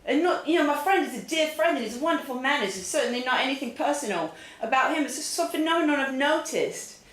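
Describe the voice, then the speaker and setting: A woman's voice: high-pitched, lively intonation, fast. A woman playing a theatrical, giggly talk show host who keeps turning to the audience. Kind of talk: mock talk show, camped up. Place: home studio, roomy. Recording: echoey room.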